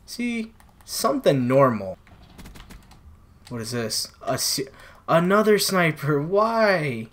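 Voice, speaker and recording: A man's voice: fairly high pitch, very animated, slow pace, pauses often. A man commentating his own gameplay for viewers on a new microphone, frustrated and exclaiming as he plays. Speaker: gaming channel host. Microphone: new desktop microphone.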